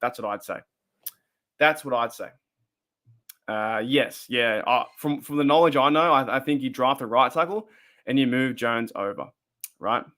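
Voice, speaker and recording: On his casual fan livestream, an Australian host rambles and reads out comments from the chat in a chatty way. His medium-pitched voice is pushed and bright, moving at a moderate pace broken by long pauses.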